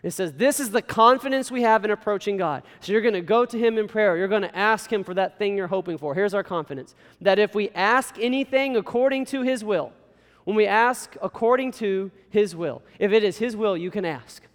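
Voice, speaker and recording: Young male pastor, high voice, earnest and exhorting, church hall with long reverb. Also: brisk. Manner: earnest, exhorting, folksy asides. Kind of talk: sermon.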